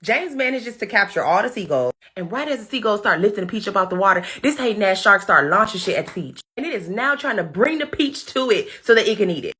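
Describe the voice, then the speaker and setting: Woman, comedic movie recap, sassy and profane, lively swoops in pitch, bright forceful tone. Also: fast, hardly any pauses. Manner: profane, sassy storytelling with voiced asides; uses Black American slang.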